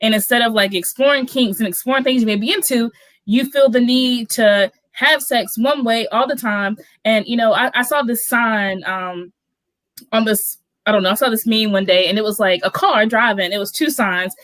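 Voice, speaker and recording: A woman guest speaks frankly in a casual podcast chat, her voice a little high. She sometimes pauses to search for words. The sound is dry and close. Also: a bit bright, dry recording.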